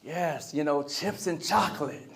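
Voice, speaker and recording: A man's voice: a little high, unhurried. A man giving a live motivational keynote speech in a convention center hall. He talks with energy and keeps prompting the crowd to answer him. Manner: energetic, call-and-response with the crowd; acts out quoted voices. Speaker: motivational speaker.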